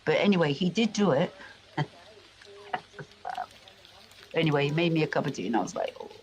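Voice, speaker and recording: A man's voice: on the high side, lively intonation, rapid-fire, slight background noise, rough recording. A man from England telling rambling family stories, full of restarts and asides. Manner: meandering, frequent restarts and asides. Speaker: vlogger. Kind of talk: rambling personal storytelling.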